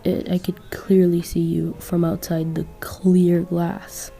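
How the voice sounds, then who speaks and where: Sweet apologetic turtle boy, woman doing it, low gravelly voice, soft music behind. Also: completely flat delivery, takes it slowly. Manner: apologetic, earnest. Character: young male ninja turtle, caring and sheepish.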